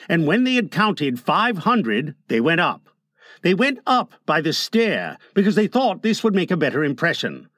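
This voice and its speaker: A man narrating an audiobook in an expressive, playful storytelling manner. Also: fairly high pitch, no echo, studio quality.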